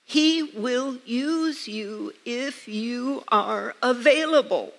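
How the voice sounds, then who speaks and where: Drawing out her words in a slightly high voice, an older woman preaches a sermon as pastor in a church sanctuary. This American speaker tells personal stories with earnest, emphatic repetition, captured with long church reverb.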